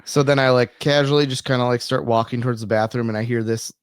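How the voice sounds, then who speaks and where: Early-30s male comic, mid-pitched, rambling and self-deprecating, dry close sound. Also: fairly even intonation, fast, clean tone, dry recording. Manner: rambling self-deprecating storyteller, swears freely. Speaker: podcast co-host and stand-up comedian. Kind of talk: casual podcast chat.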